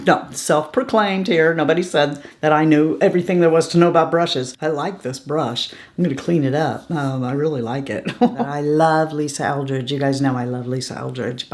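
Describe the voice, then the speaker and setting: Low-voiced chatty woman reviewing products. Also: darkish tone, a little hiss or hum. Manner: chatty, frank, laughs often, asks okay?. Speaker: beauty vlogger. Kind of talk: casual product review chat.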